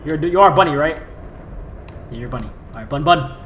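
A young man doing playful, goofy let's play commentary, jumping between loud shouts and mutters. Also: on the high side, lively intonation, brisk, reverberant, slight background noise, rough recording. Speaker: gaming YouTuber.

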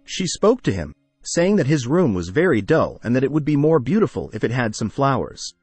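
Husky man narrating an anime recap. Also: medium pitch, normal speed, no echo. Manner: steady plot retelling. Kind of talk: scripted story narration. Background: faint music.

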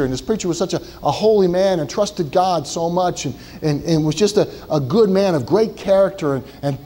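Man preaching with a mellow, dramatic voice. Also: high voice, a little hiss or hum, poor audio. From Southwestern Ohio. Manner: dramatic retelling, voicing Moses in first person with many repeated words. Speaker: pastor. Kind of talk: sermon.

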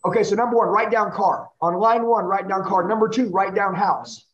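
A man's voice: sits high, normal speed, a bit bright, dull audio. A man running a live sales training, coaching a trainee with intense, repetitive questions. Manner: intense, coaching, repeats the listener's name.

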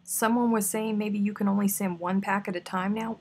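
A woman's voice: mid-range voice, steady tone, a little fast, few pauses, husky. A woman hosting a live stream, chatting playfully with viewers and answering their comments while she snacks. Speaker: crochet livestream host. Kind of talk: casual livestream chat with viewers.

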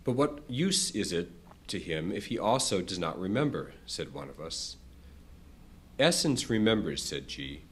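Low-voiced man reading a book passage. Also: very animated, a little slow. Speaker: reader.

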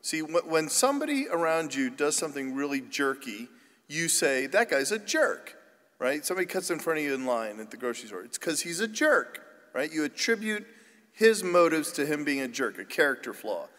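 Male priest, fairly high voice, chatty and self-deprecating, restarts often, long church reverb. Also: very animated, fairly quick, a bit bright. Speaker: priest giving a parish mission talk. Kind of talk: humorous sermon storytelling.

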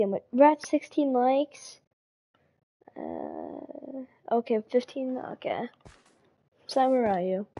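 A fairly high-voiced woman streaming live and chatting loosely with her chat. She talks in easy, repetitive bursts and greets viewers as they come in. A slight cold sits in her voice. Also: warm tone. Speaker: game streamer.

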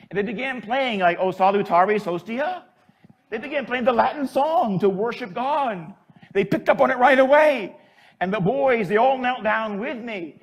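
High, lively preaching priest. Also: male voice. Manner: emotional, swings from hushed to shouting. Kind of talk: sermon.

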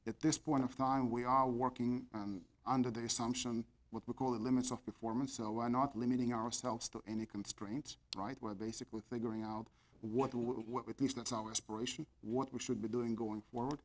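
This is a man walking a board through a formal business presentation. His voice sits at an ordinary middle pitch, and he is methodical, leaning on key words and filling pauses with "uh". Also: little pitch movement. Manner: methodical, stresses key words, frequent fillers.

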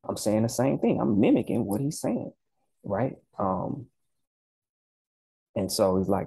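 Southern US man, vlog host: very low, husky voice, easygoing slangy delivery. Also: very animated, measured pace, long pauses, warm tone, no echo, poor audio. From Southern United States. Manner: laid-back, conversational, slangy, frequent "you know" and "right". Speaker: language-learning channel host. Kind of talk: casual vlog talk.

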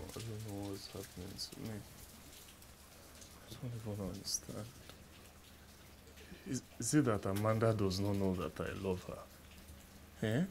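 A lovestruck young man muses slowly and hesitantly in a lowish voice. Loud rain noise sits behind him. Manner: hesitant, musing. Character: young man in love, bewildered. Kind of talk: Nollywood film drama.

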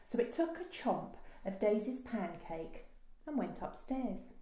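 A woman librarian reading a children's picture book aloud with slow, expressive storytelling. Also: medium pitch. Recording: roomy echo.

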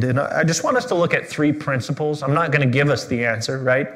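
A pastor delivers his sermon in a casual, animated way, with plenty of rhetorical questions. His voice sits a little high for a man, and he sometimes sinks to a quiet hush. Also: a little fast, slight background noise.

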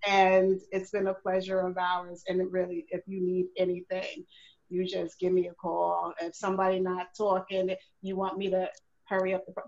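A woman's voice: on the low side, completely flat delivery, normal speed, darkish tone. A woman co-hosting a podcast in casual, slangy chat, teasing her co-host and laughing often. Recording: dull lo-fi audio.

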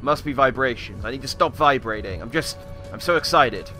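A man giving joking gameplay commentary in a hammy, put-on Australian accent, with wry, self-mocking deadpan asides. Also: mid-range voice, fairly quick. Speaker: let's play commentator. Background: video game music.

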